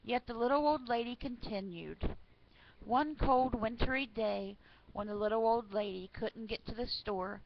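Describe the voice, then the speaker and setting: Unhurried woman reading church jokes aloud. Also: on the high side. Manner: chatty, with fillers and asides. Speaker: online reader of church stories. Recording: slightly muffled with faint noise.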